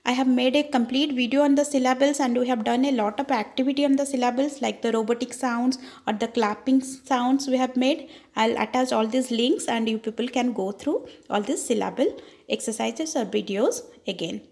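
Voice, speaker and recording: A woman teacher explaining an English lesson, calling her listeners children and drilling words slowly and with repetition. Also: a little high, darkish tone. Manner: addresses the class as children, slow, repeats words to drill them.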